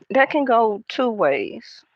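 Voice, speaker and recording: A woman doing a casual tarot card reading, talking in a hushed, half-whispered, chatty way to her viewers. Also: on the high side, big pitch swings, drawn-out words, no echo, highs cut off. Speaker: tarot reader.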